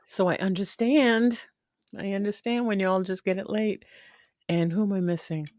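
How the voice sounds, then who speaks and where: A woman's voice: mid-range voice, steady tone, normal speed, darkish tone, dry recording, clean studio sound. A woman hosting a casual live stream, chatting affectionately and greeting viewers by name. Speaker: livestream host. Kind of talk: casual livestream chat.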